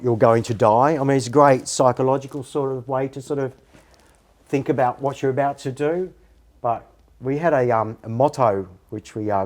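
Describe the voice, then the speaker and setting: Brief: man in his fifties, podcast guest, steady reflective storyteller. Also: medium pitch. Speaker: guest, character impersonator. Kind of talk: casual podcast interview.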